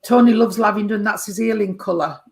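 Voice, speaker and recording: A spiritualist medium talks fast in a mid-range voice while giving a chatty reading. She's warm with her sitter, calling them sweetheart and darling, and keeps asking whether they understand.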